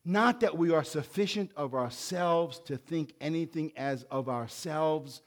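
A man in his sixties, a pastor, preaching with emphatic swells and soft conversational asides. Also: fairly high pitch, unhurried. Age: 60s. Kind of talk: sermon.

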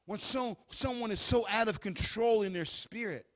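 A high-pitched male preacher delivering a sermon. He reads scripture in a steady, measured cadence, then drops to a hushed, soothing voice or rises to loud, fervent calls.

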